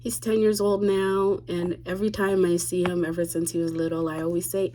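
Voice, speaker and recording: A woman's voice: on the low side, little pitch movement, a little fast, dark tone, a little hiss or hum. A young woman vlogging, telling a personal family story in a candid, blunt way, swearing freely and acting out what people said. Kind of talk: casual confessional storytelling.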